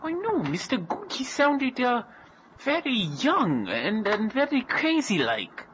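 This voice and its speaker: A man voicing an odd, nervous male rival detective who talks high, halting and fussy in an amateur improvised radio comedy. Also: wildly swooping pitch, exaggerated voice. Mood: flustered. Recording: muffled lo-fi tape with loud hiss.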